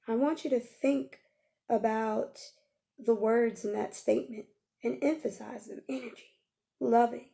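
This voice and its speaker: Soft-toned woman with a heavy gravelly fry. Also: on the high side. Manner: gentle, coaxing, checks in with frequent "okay?". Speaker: life coach. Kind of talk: guided healing exercise.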